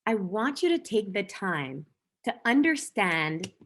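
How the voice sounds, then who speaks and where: A woman business coach giving an energetic motivational talk, emphatic and fond of repeating key phrases. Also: medium pitch, slow, slight background noise.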